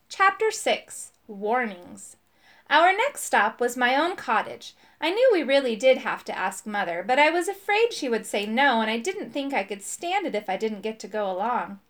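A woman reading a children's storybook aloud, expressive and animated. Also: fairly high pitch. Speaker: audiobook reader.

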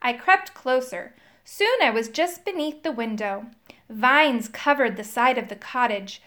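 Woman, high voice, very lively pitch, children's story read aloud, expressive storyteller's delivery. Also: unhurried. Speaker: storybook reader.

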